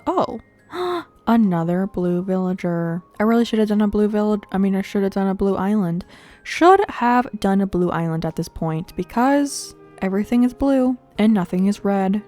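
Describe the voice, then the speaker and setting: A woman's voice: medium pitch, lively intonation, moderate pace, a little mellow, soft background music. A young woman giving chatty, playful commentary while playing a video game, laughing often and talking to her viewers. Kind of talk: casual gameplay commentary.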